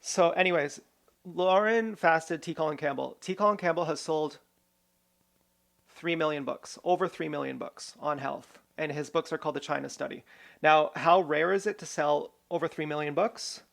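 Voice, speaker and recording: A man's voice: on the high side, normal speed, gravelly, fairly bright tone. A man talking straight to camera in a rambling, irreverent personal monologue, swearing freely and jumping between grievances. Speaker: vlogger.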